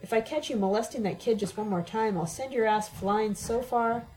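A woman's voice: fairly high pitch, normal speed, darkish tone, lightly acted, rough recording. A woman reading the lines of an angry, disgusted man who hisses his words with contempt. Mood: contemptuous. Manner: hissing, contemptuous.

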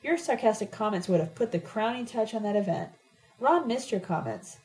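A woman reading an audiobook gives voice to a sharp-tongued young woman who talks in a mocking, cryptic way. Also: medium pitch, lively intonation, moderate pace, close to an everyday voice, low-quality recording. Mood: lecturing. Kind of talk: audiobook character voice.

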